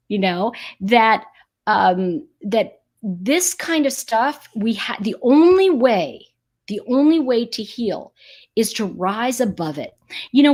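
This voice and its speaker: A woman hosting a live stream, speaking casually and emphatically while reading viewer comments and giving spiritual, energy-focused advice. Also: on the high side. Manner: animated and emphatic, acts out quoted voices.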